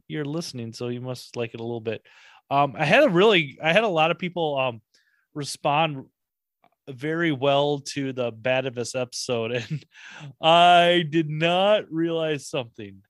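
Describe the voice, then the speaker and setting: A man's voice: mid-range voice, normal speed, a bit bright, no echo, clean studio sound. A young man hosting a podcast, talking in a casual, rambling and enthusiastic way, swearing often. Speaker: podcast host. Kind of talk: casual chat.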